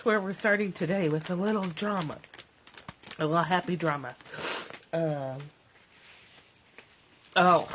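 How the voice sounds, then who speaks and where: A woman chatting casually on a phone livestream, her slightly low voice choked up with tears. She gushes warmly, laughs often and keeps clearing her throat as she talks. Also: measured pace, pauses often, a little hiss or hum. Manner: emotional, teary and gushing, with frequent laughs and throat-clearing. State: teary, choked up. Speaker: livestream host, former therapist.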